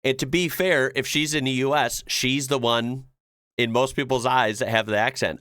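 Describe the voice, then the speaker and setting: This is a chatty man in his thirties with a Northern US accent, commenting on clips from his home setup. His voice is lowish and bright, and the sound is close and dry. He rambles, corrects himself mid-sentence and keeps tossing in "right?". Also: no echo. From northern United States. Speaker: reaction video host. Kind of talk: casual commentary.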